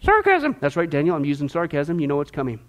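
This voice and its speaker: A man's voice: on the high side, steady tone, very fast, darkish tone. A man teaching Bible prophecy as a preacher, emphatic and conversational with sarcastic asides.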